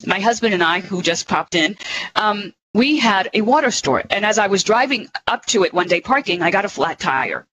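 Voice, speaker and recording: A woman talking earnestly and slowly on a spiritual radio show, as a guest. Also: mid-range voice, expressive, fairly bright tone, a little hiss or hum, low-quality recording. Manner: earnest, slow and emphatic.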